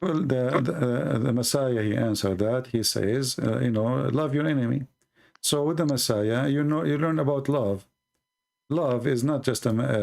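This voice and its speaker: Man, gravelly, earnest preacher-style explainer, deliberate pacing. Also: mid-range voice, darkish tone. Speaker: Christian apologist answering a caller.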